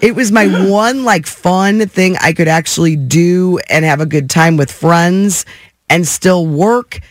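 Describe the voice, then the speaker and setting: A man's voice: high voice, a little slow. A man hosting a morning radio show, bantering casually with co-hosts and laughing often.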